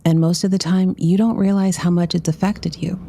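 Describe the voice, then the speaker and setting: A woman's voice: on the low side, little pitch movement, a little fast, dark tone. A woman hosting an astrology podcast, reading a scripted intro and then welcoming her guest.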